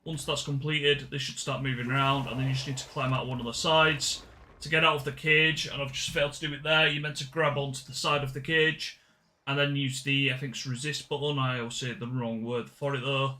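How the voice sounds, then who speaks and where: A man's voice: medium pitch, level tone, brisk, bright, forceful tone. A man giving casual game walkthrough commentary, chatty and often correcting himself mid-sentence. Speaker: gaming channel host.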